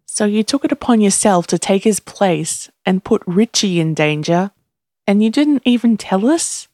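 A narrator reading a sharp-tongued woman who chides with a wry edge. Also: medium pitch, lively intonation, normal speed, no room sound, clean studio sound, pitched above the performer's own voice, close to an everyday voice. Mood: chiding. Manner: chiding, wry.

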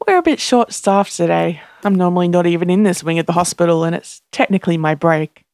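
A woman voicing a cheerful young nurse who talks brightly and briskly while she works. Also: fairly low pitch, no room sound, clean studio sound, natural voice. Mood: friendly.

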